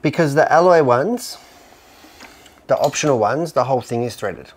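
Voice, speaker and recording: A man's voice: mid-range voice, animated, normal speed, husky. A man co-hosting a workshop video, full of teasing jokes and playful banter. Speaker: co-host.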